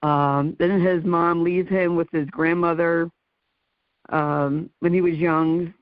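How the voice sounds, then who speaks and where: A woman's voice: fairly low pitch, steady tone, slow, dry recording. A woman in her sixties hosting an interview, chatting casually with fillers and laughs. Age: 60s. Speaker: interview host. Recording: dull lo-fi dry sound.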